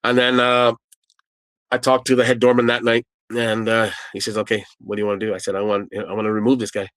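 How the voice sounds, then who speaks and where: A man's voice: fairly low pitch, a little fast, no echo, rough recording. Man telling a nightclub bouncer story. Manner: animated retelling with quoted dialogue and repeated phrases. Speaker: former nightclub doorman. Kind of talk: casual spoken storytelling.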